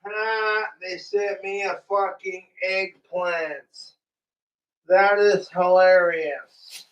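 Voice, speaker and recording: A man's voice: high voice, fairly even intonation, extremely slow, low-quality recording. A young man ranting profanely and rambling on a casual livestream, talking straight to his chat.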